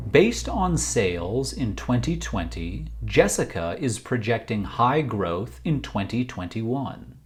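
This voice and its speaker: Slow, lively American man teaching vocabulary. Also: lowish voice, a little hiss or hum. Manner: slow, deliberate explanations with example sentences. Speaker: English teacher. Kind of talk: vocabulary lesson while walking. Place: outdoors on a walking trail.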